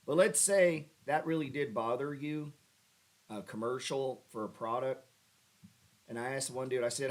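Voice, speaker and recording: A man hosting a casual trading livestream, talking over charts with sarcastic, profane asides and mocking jabs at his viewers. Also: measured pace. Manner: animated pitch jumps when ribbing viewers. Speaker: stock trading livestream host.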